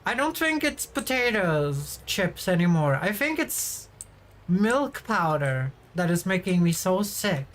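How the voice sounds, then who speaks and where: A woman's voice: fairly low pitch, sing-song, slow. A woman streamer chatting casually while she plays a farming game, rambling and now and then bursting out in frustration. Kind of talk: casual livestream chat while gaming.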